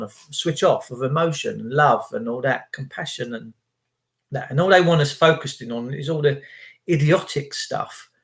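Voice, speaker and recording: This channel host has a creaky, fairly bright voice pitched on the high side. In his casual, opinionated monologue he chats freely and mimics the people he quotes.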